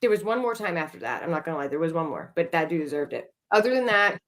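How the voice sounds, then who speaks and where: Woman podcast host, fairly low voice, blunt storyteller who swears and laughs a lot. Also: expressive, fast. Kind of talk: candid storytelling chat.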